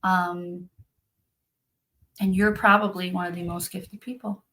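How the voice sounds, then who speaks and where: A woman's voice: lowish voice, level tone, unhurried, a bit bright, a little hiss or hum, rough recording. A woman who practices spiritual activation, talking casually and earnestly about her work, with many fillers. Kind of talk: casual conversational talk.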